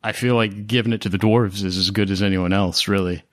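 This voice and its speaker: A man's voice: on the low side, fairly even intonation, a little fast. A man hosting a tabletop game podcast as dungeon master, chatting casually and chuckling between his remarks.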